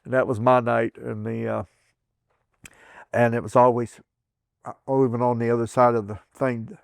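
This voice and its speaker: A man's voice: level tone, moderate pace, gravelly, pauses often, no echo. Older man from southern Indiana recalling memories. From southern Indiana, USA. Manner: rambling, with frequent restarts and chuckles; acts out quoted voices with raised pitch. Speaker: veteran interviewee. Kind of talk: oral history storytelling.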